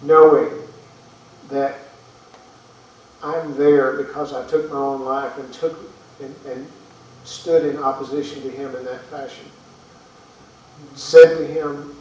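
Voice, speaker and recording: Preacher heard from afar in an echoey hall. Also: male voice, mid-range voice, little pitch movement, slow pace, long pauses, a little mellow, dull audio. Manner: earnest, rhetorical questions, repeats words. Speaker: pastor. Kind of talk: sermon. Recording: echoey room from far off.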